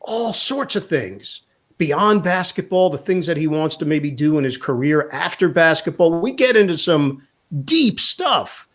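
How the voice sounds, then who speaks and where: A man, a sports broadcaster, telling an animated anecdote in a casual interview and quoting people along the way. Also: fairly high pitch, unhurried. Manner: animated anecdote teller, quotes others in voices.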